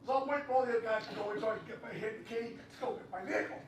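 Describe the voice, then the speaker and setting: A man with a very high voice tells a rambling anecdote at an open mic, shouting his punchlines. He sounds distant, caught in a roomy, echoing panel room. A faint noise hangs behind him. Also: rapid-fire, hardly any pauses. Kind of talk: stand-up storytelling. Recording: echoey room, mic from far off.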